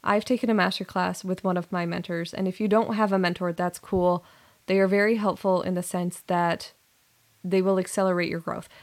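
A woman's voice: on the low side, little pitch movement, moderate pace. A young adult woman hosting her own podcast, telling a personal story in an earnest, rambling way with frequent self-corrections. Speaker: podcast host and coach. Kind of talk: casual solo podcast monologue.

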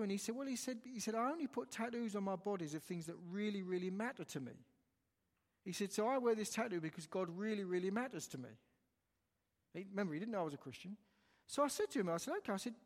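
An Englishman preaches a sermon under long hall reverb, his high voice lively in intonation and fast. He tells a story animatedly, retelling the dialogue line by line.

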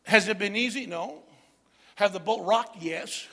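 Middle-aged male pastor with a high voice, animated call-and-response preaching in a reverberant hall. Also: a little slow, gravelly. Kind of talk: sermon.

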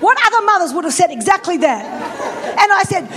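A woman's voice: extremely high pitch, big pitch swings, fairly quick, fairly bright tone, some chatter behind. A middle-aged woman pastor, telling a story in a sermon and acting out phone calls.

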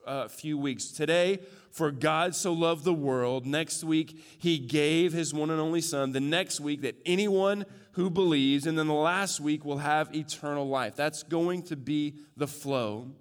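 Pastor guy preaching, loud one sec then hushed, big echoey church sound. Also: on the high side, a little slow, hardly any pauses, clear, resonant tone. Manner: swings from loud joking asides to hushed earnest stress. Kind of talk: sermon.

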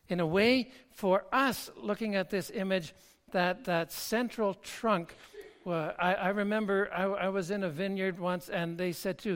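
A pastor delivers an earnest sermon at an unhurried pace. The voice sits at an ordinary middle pitch. The speech comes in halting phrases and often circles back on its words. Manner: slow, halting delivery with frequent word repeats.

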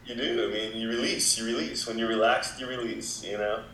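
A man talking as a wellness expert guest in a casual interview, with a relaxed, explaining manner full of "you know" fillers. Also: on the low side, fairly quick, slight background noise. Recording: echoey room.

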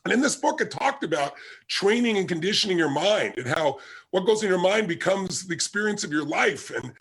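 A man's voice: sits high, expressive, fairly quick, fairly bright tone. A man giving a motivational talk with personal stories, emphatic and driving, repeating his key points. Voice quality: gravelly, husky. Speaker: motivational speaker.

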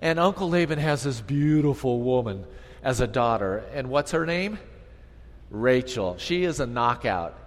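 A man preaching a sermon, telling the story in an animated, conversational way. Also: medium pitch, measured pace. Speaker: pastor. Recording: long reverb hall.

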